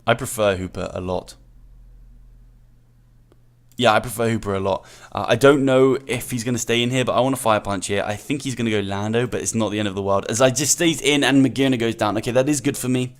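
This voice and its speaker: A man's voice: medium pitch, brisk. A man, the host of a gaming channel, commentating his own match live, thinking aloud, repeating himself and calling himself an idiot after mistakes. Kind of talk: live play-by-play commentary of a game.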